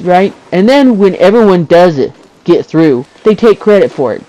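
High, lively, slow-talking male gamer. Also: low-quality recording. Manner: jokey, chuckles often, talks back to the game. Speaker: gamer narrating his play. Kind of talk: casual gameplay commentary.

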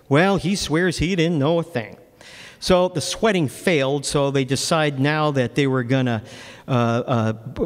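A man's voice: mid-range voice, big-room sound. A man, a local author, giving a book talk and telling a story with casual, wry asides and plenty of ums and uhs. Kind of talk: storytelling lecture to an audience.

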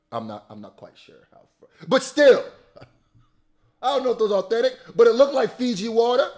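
A man, a rapper, giving casual, animated commentary full of slang and exclamations while reacting to a music video. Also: sits high, normal speed.

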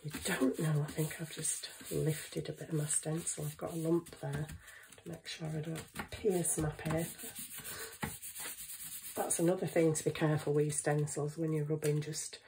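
A woman's voice: deep voice, creaky, darkish tone, a little hiss or hum, rough recording. A woman chatting casually in her home kitchen, thinking aloud as she works on a craft. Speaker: craft vlogger.

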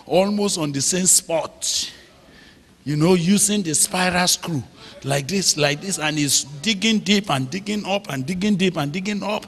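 A man preaching a sermon, slow and emphatic, drawing out phrases and checking in with the audience. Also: high-pitched, slightly rough. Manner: slow, emphatic, drawn-out phrases with call-and-response questions. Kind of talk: sermon teaching. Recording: long hall reverb.

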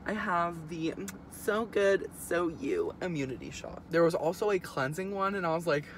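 A woman's voice: fairly low pitch, animated, moderate pace, a little hiss or hum. Bubbly teenage girl vlogging on the go. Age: late teens. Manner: chatty, bubbly, lots of "like" fillers. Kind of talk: casual vlog chat to camera. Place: car and stores, out and about.

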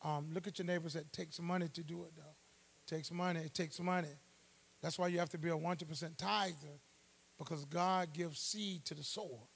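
A man preaching a Bible study sermon in church, calling out to the congregation for responses and swelling to loud emphasis. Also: a little high, fairly even intonation, fairly quick, gravelly, breathy edge. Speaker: pastor.

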